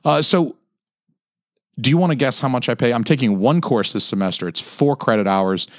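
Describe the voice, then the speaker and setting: A podcast host in his thirties rants at an ordinary speed, casual and heavily profane. The studio-quality recording has no room sound, and he animatedly mock-quotes others with his pitch pushed higher.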